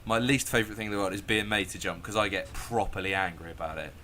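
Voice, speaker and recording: A man telling a story casually, animated and sweary, often laughing and acting out the scenes. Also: fairly low pitch, fast, slight background noise.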